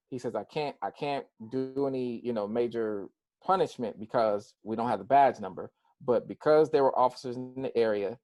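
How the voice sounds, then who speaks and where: An American pastor speaks to a group in an earnest, emphatic way, repeating key words and slowing down to drive his points home. His voice sits in a middle range for a man. The sound is dry and close, as on a video call. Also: medium pitch, a little mellow, no room sound. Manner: slows down to stress points, with some fillers and restarts. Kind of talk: personal talk to a group.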